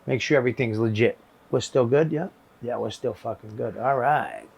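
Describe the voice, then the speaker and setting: A man's voice: medium pitch, moderate pace, vocal fry, a little mellow, slightly rough. A male comedian in casual chat, talking emphatically and swearing freely. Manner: emphatic, profane. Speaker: comedian co-host. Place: small shed.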